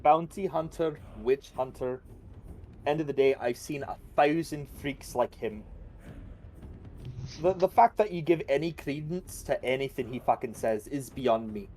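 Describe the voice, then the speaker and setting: A man role-playing a brash, profane bounty hunter in a put-on accent during a tabletop game, with gruff, loud bursts. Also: mid-range voice, expressive, unhurried, a little hiss or hum. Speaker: tabletop player.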